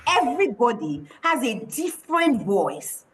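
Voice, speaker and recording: A woman coaching children in a lively online workshop, enthusiastic, repeating her praise and laughing often, heard over a video call. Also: on the high side, measured pace, a little hiss or hum.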